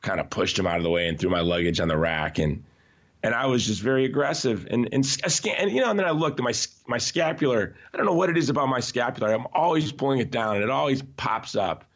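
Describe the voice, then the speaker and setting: A man talking as a podcast guest in an emphatic, animated way, often restarting his sentences. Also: mid-range voice, fast. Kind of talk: conversational podcast interview. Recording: slightly dull, lo-fi audio.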